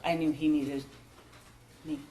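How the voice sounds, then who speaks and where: A woman, a school principal, giving halting courtroom testimony with many pauses and restarts. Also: low-pitched, little pitch movement, heavy background noise. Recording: roomy courtroom broadcast audio.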